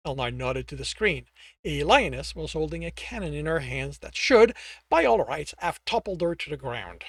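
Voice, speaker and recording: Male author reading his book, fairly high voice, restarts and self-corrections, dry recording. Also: sing-song, normal speed, vocal fry, fairly bright tone, slightly rough, no room sound. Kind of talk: audiobook narration.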